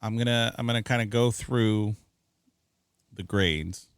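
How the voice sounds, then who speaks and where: A man co-hosting a film review podcast, talking in a chatty, animated way with plenty of fillers. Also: on the low side, a little slow, smooth, no room sound, studio quality. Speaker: podcast co-host. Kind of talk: casual film review chat.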